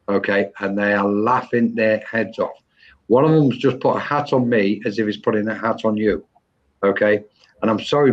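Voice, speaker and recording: Speaking at medium pitch, this man runs a live online psychic mediumship reading, frequently halting and starting over while he hunts for the right words. The audio is a dull, lo-fi stream.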